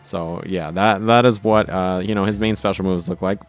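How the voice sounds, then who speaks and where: Man, lowish voice, relaxed gameplay commentary, chatty tutorial delivery. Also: normal speed, no echo. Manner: casual, enthusiastic, frequent "right?" and restarts. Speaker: fighting game video host.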